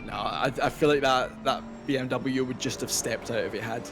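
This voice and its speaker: A man co-commenting a sim race, dry and measured. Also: medium pitch, fairly even intonation, background noise.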